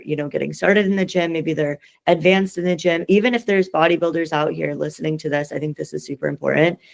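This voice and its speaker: A woman's voice: low-pitched, creaky. A woman fitness coach talking casually on a podcast, earnest and encouraging as she gives training advice.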